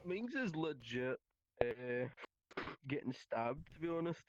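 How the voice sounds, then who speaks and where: A young Scottish man on a podcast call, calmly telling wild stories with plenty of swearing and laughing at himself. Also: fairly high pitch, slow pace, dull audio, slight background noise. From Scotland. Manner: laid-back storyteller, swears casually, laughs at himself. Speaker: podcast co-host. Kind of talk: casual podcast chat.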